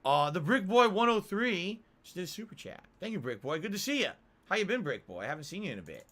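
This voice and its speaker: Man streamer, sarcastic casual chat, lively, bright and fairly high. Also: fast talker. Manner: sarcastic, self-mocking, with stumbling restarts. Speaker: livestream host. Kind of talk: casual live-stream chat, reading chat questions.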